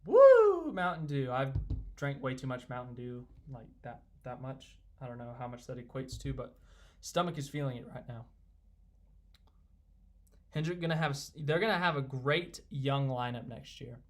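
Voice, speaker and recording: A young man hosting a casual live stream, rambling excitedly and reading viewer comments aloud. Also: mid-range voice, normal speed.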